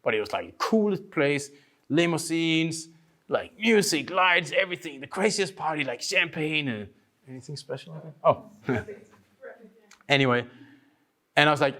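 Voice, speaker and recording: A man from Denmark giving a workshop talk, telling lively stories, acting out other people's voices and swearing casually. He says he is short on sleep. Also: fairly high pitch, moderate pace, pauses often. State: tired from lack of sleep. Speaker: workshop speaker.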